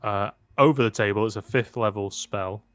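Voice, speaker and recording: A man narrating a tabletop game as game master, relaxed and joking, with many fillers. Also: on the low side, normal speed, no room sound.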